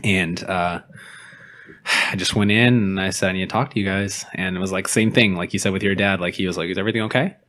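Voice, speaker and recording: A man with a fairly low voice, chatting casually as a podcast co-host. He talks openly and laughs at himself as he tells personal stories. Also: fairly even intonation, brisk, a bit bright. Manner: open, laughing, self-deprecating storytelling. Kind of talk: casual chat.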